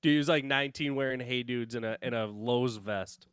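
A man's voice: mid-range voice, fairly quick, clean tone, no room sound, studio quality. A man on a casual podcast telling a story with plenty of swearing and exasperation. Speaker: podcast co-host.

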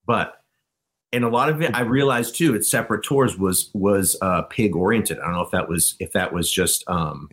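A man's voice: low voice, normal speed, fairly bright tone. A man guesting on a podcast, telling rambling anecdotes and laughing often in casual chat. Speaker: guest, band frontman.

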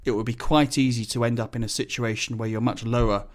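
A man talking casually about his work as a pilot, in a mid-pitched voice. He explains technical terms plainly and keeps an easygoing, conversational tone. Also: steady tone, quick pace. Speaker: business jet pilot.

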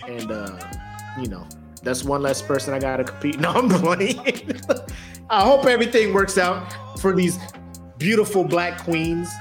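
A man's voice: a little high, lively intonation, normal speed, soft background music. A man in his forties co-hosting a podcast, talking loosely, joking, swearing freely and laughing often. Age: 40s. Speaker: podcast co-host. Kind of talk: casual podcast banter.

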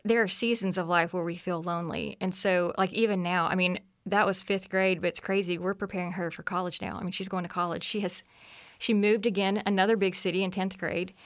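An earnest woman in her forties tells family stories as a podcast guest, her voice sitting a little low. The sound is close and dry, with no room around it. She talks things through in a reflective way. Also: steady tone, fairly quick, dry recording. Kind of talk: conversational storytelling.

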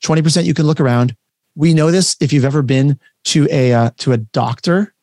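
A man coaching a workshop over a video call, talking in an energetic, conversational and emphatic way. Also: a little high, a little fast, dry recording, clean studio sound. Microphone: webcam setup, facing camera.

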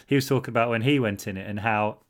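A podcast interviewer asking relaxed follow-up questions in a supportive way. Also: mid-range voice, quick pace. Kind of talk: conversational interviewing.

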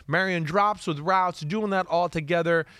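A man's voice: high voice, normal speed, smooth, dry recording, studio quality. A man co-hosting a casual football talk show, telling stories and quoting players with many "right?" asides. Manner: animated storyteller, quotes players in his own voice, many "right?" asides. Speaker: podcast co-host and football analyst. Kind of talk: casual chat.

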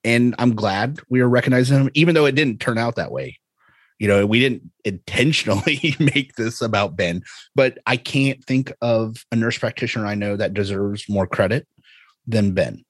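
A man's voice: mid-range voice, moderate pace, dry recording. A man from the United States co-hosting a podcast, chatting casually in a rambling, joking way and laughing often. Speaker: podcast co-host. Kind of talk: casual chat.

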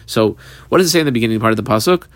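A man leads a Talmud class, reading out Aramaic lines and then explaining them in English, pausing often with fillers. His voice sits at an ordinary middle pitch and sounds close and dry, with no room around it. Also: animated, no echo. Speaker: Talmud teacher.

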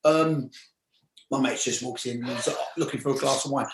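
In an echoey room with some hiss or hum and a rough recording, a brisk, medium-pitched man speaks. He is a London-accented former footballer in his forties, an interview guest animatedly telling casual stories and mimicking the people he quotes.

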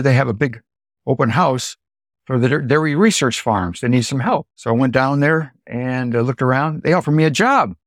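Older man telling lively farm stories. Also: medium pitch, no echo, studio quality. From Illinois, United States. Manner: animated storyteller, acts out quoted dialogue. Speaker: guest dairy farmer. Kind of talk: storytelling interview.

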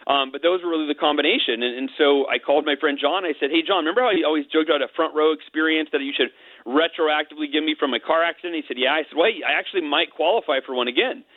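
A middle-aged man, a guest in an interview, shares a personal story candidly and with emotion, quick to slip in jokes. His voice is a little high, and the dry recording has a tinny, phone-line sound.

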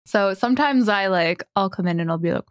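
A woman with a Canadian accent who talks softly and calmly, hosting a casual podcast chat. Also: medium pitch, a little fast, clear, resonant tone, no room sound, clean studio sound. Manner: soft, relaxed way of talking. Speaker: podcast host.

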